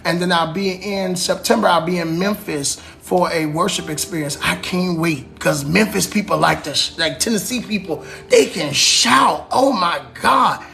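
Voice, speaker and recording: A man, a preacher, chatting casually with viewers on a livestream in an animated way, calling them y'all and baby. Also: high voice, normal speed, gravelly, hardly any pauses. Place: live stream.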